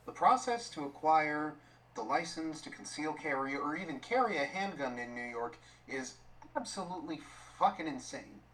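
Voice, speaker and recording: A man on a casual podcast, ranting about a rule and joking deadpan. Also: fairly high pitch, normal speed, low-quality recording. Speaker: podcast co-host. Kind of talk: casual chat.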